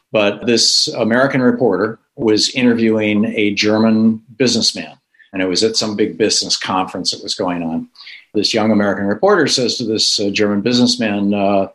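An older man, a guest and author, telling stories in an animated conversational way and acting out the people he quotes. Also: on the low side, fairly quick, rough recording. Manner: animated, acts out quoted voices. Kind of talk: conversational storytelling.

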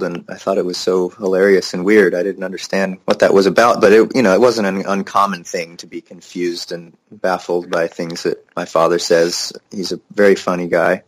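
A young man with a very deep voice chats as an interview guest. He tells stories in a loose, easygoing way, often breaking into a laugh. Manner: relaxed storyteller, laughs easily. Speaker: musician guest. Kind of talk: casual interview conversation.

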